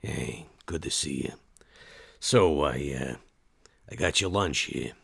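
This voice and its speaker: Man doing a gruff bulky inhuman vampire, low mutter, gravelly, husky, very deep, tabletop role-play. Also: expressive, slow, exaggerated voice.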